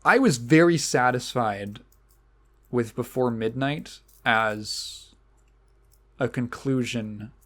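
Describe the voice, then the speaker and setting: A man co-hosting a podcast, rambling through a casual film discussion with lots of restarts and the odd swear word. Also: medium pitch. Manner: rambling, many restarts and fillers. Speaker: podcast co-host.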